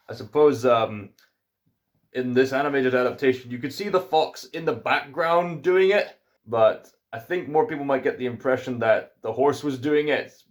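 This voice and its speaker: Hesitant Scottish man reviewing a film. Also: mid-range voice. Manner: hesitant, musing, many fillers. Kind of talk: casual video review.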